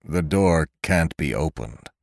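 A proud old banker gone shaky with fear, as a narrator puts him on in a storybook reading. The voice drops low and groans, with a wide swing in pitch. Recorded close and dry. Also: male voice, big pitch swings, a little slow, no room sound, heavily acted. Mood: distressed. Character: old small-town banker, proud and shaken.

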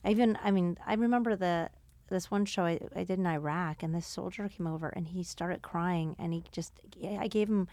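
A woman's voice: lowish voice, fairly quick, a little mellow, dry recording. Woman host reacting in podcast chat. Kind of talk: casual interview chat.

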